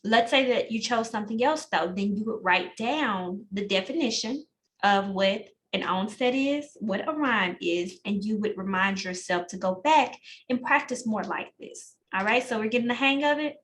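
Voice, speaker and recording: A woman's voice: mid-range voice, animated, normal speed, fairly bright tone, slight background noise, poor audio. A woman leading an online test-prep class over a video call, calling on students by name and walking through answers. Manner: encouraging, calls on students by name. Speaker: instructor.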